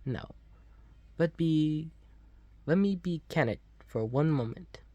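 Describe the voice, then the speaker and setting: A man's voice: a little high, animated, slow pace, a little mellow, no room sound, muffled recording, voice pushed up. A man voicing a formal male art teacher from a game, reading his lines with a stiff, slightly accented delivery.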